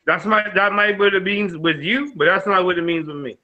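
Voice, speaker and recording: Confrontational man from Boston with a high, very sharp voice, dull lo-fi line with faint noise. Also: fairly quick. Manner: confrontational, threatening, heavy cursing. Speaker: podcast guest. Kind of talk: heated argument.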